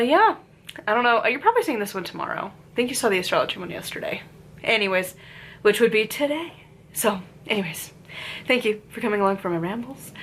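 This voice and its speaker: A woman reviewing a witchcraft book in a casual, rambling way, full of "like" fillers and lively asides, her voice congested from a lingering cold. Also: a little high. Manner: chatty, lots of "like" fillers, animated asides.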